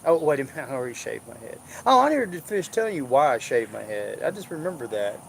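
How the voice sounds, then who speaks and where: A jovial man with a drawl, rambling through a casual chat from his home. His voice sits at an ordinary middle pitch, with faint background noise behind him. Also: big pitch swings, fast talker, creaky. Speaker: vlogger. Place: indoors at home.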